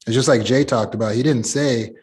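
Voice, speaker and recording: Middle-aged male coach, animated talker. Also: medium pitch, brisk, slightly rough. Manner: animated, talks through examples at length. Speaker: life coach leading a support group. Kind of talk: casual group discussion.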